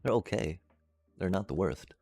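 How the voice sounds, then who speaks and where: Deep gravelly man chatting over gameplay. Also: animated, moderate pace, darkish tone, no room sound, faint music behind. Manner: chatty, musing aloud, makes beep-boop sound effects. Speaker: streamer. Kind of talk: casual gameplay commentary to live chat.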